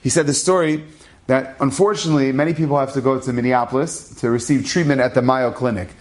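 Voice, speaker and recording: A man in the role of a rabbi tells an inspirational story with lively energy. He acts out each conversation, shifting between the people in it, and moves the tale along briskly. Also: mid-range voice. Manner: animated, acts out dialogue.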